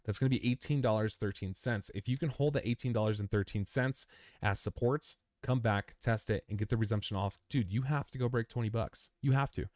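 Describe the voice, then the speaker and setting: The crypto chart livestream host here is a young man with a lowish, darkish voice and a brisk delivery, recorded at studio quality with no echo. He casually talks over price charts, repeating phrases and treating the chart as "you," while calling listeners "man," "dude," and "bro."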